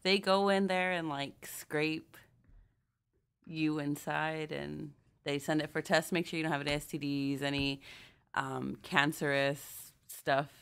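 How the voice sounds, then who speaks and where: A woman's voice: sits low, level tone, a little slow, smooth. A woman co-hosting a casual podcast, bluntly complaining about an annoying coworker in a matter-of-fact way. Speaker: podcast co-host. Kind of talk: casual chat.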